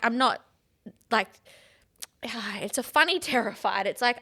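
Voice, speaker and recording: A woman's voice: a little high, pushed and bright. A woman in her thirties, co-hosting a podcast in casual, rambling chat full of "like" and restarts. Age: 30s. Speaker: podcast co-host.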